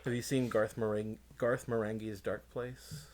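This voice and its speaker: A man's voice: fairly low pitch, flat delivery, moderate pace, darkish tone, a little hiss or hum. A young man co-hosting a casual comedy podcast, joking loosely and riffing on absurd bits. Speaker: podcast co-host.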